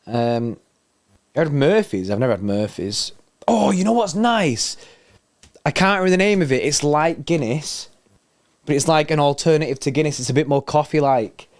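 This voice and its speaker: A man's voice: a little high, lively intonation, moderate pace. A man co-hosting a live football watchalong, chatting laid-back and laughing easily. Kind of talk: casual banter on a livestream.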